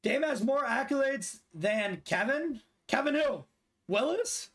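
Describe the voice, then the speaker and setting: Man, 20s, gaming streamer; high, animated voice, loose profane banter. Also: measured pace. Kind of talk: casual live-stream chat during gameplay.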